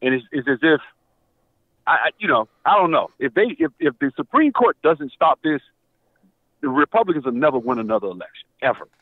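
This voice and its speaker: Male caller, phone-line audio, worked up and stammering, lively pitch. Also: a little fast, no echo. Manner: agitated, stammering, repeats himself. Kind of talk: call-in show conversation. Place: Atlanta area.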